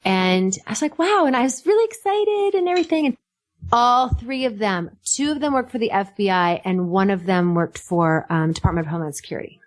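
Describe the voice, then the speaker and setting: A woman's voice: medium pitch, normal speed. A middle-aged woman, a podcast guest, telling stories in casual chat, laughing and acting out what people said. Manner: animated, laughing, acts out quotes.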